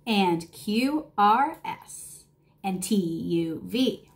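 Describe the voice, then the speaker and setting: A woman reading a picture book aloud to children, playful and expressive, sometimes dropping to a whisper and sometimes rising in excitement. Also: medium pitch, very slow. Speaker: children's storybook reader.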